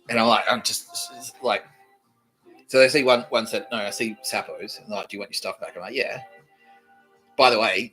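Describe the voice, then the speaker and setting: A man's voice: on the low side, fairly even intonation, fast talker, bright, forceful tone, faint music behind. A man hosting a podcast, telling a long story in a rambling, profane, repetitive monologue. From Australia. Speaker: podcast host.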